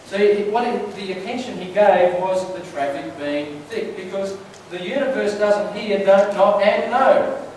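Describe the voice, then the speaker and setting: A little slow but with hardly any pauses, a fairly high-voiced church speaker tells stories and fires questions at the congregation in a relaxed, chatty sermon. The distant mic picks up heavy echo from a large hall and a faint room hum.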